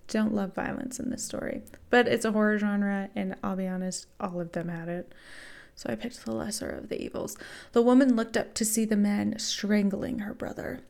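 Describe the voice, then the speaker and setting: A woman's voice: medium pitch, fairly even intonation, moderate pace, vocal fry, a little mellow. A woman podcast host reading fan fiction aloud and breaking off with wry, sarcastic asides.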